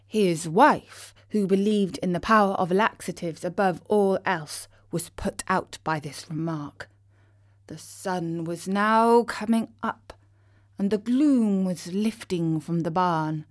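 Female storybook narrator, slow and expressive. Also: medium pitch.

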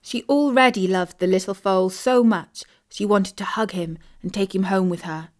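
A woman reading a children's story aloud, gentle and expressive. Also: medium pitch, moderate pace. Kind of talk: storybook narration read aloud.

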